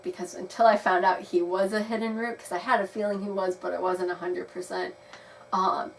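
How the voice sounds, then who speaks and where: A young woman giving a chatty, rambling video review of a game, laughing now and then. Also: on the low side. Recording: slightly distant mic with faint noise.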